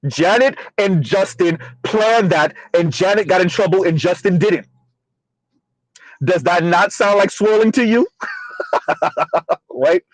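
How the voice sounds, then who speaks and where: A man's voice: high voice, a little slow, no room sound, rough recording. A man hosting his own channel, ranting in a blunt, profane commentary with rhetorical questions. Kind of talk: casual commentary rant.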